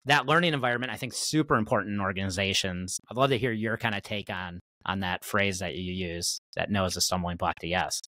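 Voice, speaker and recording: A man's voice: deep voice, brisk, few pauses, bright, forceful tone, no room sound. A man hosting an interview podcast, musing thoughtfully and now and then restarting a word. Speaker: podcast host. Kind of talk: casual interview chat.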